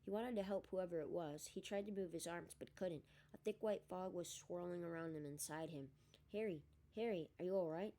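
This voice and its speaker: A woman reading a novel aloud in a steady storytelling manner. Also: lowish voice, brisk, hardly any pauses. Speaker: audiobook reader. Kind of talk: storybook narration.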